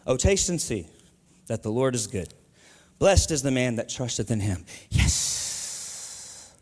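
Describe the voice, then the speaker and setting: A man preaching a lively sermon as pastor, calling out to his church. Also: sits high. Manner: energetic, call-and-response preaching with southern slang. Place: church sanctuary. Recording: live church hall with long reverb.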